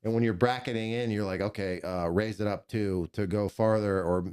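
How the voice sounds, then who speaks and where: A man's voice: on the low side, fairly even intonation, moderate pace, darkish tone, clear, resonant tone. A man hosting a podcast, telling rambling, profane war stories from his time as a soldier in casual chat. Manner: veteran recounting combat. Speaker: podcast host, gun shop owner.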